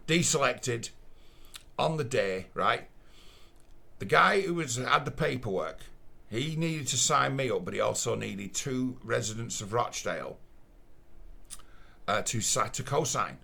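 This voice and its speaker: A man with a Lancashire accent tells his story in a blunt, casual way, swearing freely and mimicking the people involved. His voice is gravelly with a husky edge, at an everyday middle pitch. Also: expressive, unhurried, pauses often, pushed and bright. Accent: Northern English, Lancashire. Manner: blunt, swears often, acts out quoted voices.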